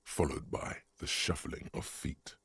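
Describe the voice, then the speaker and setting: A man's voice: measured pace, fairly bright tone, no room sound, studio quality, natural voice. A man voicing a grim, all-knowing narrator in a video game, reading scripted narration. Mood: ominous.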